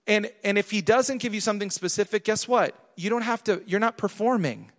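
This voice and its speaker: A man with a fairly high voice preaches in a church hall with long reverb. He swings between soft, close urging and loud, emphatic declarations. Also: moderate pace. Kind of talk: sermon.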